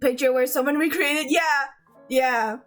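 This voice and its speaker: A woman's voice: high voice, steady tone, unhurried, fairly bright tone, faint music behind. A woman streamer chatting casually with her chat, laughing often.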